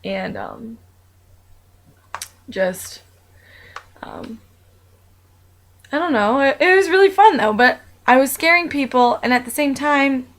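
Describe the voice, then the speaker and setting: A young woman talks about her own life in a loose, rambling way, filling pauses with ums and restarting her sentences. Her voice sits a little on the high side. It sounds like a casual, unscripted personal video. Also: lively intonation, low-quality recording. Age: young adult. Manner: rambling and chatty, with many fillers and restarts. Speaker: vlogger.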